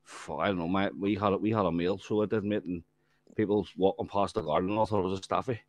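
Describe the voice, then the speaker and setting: A man's voice: low-pitched, steady tone, quick pace, dry recording. A man telling rambling stories in a casual group chat, swearing freely and saying "mate" at every turn. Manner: rambling storyteller, swears a lot, says "mate" constantly. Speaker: livestream chat participant.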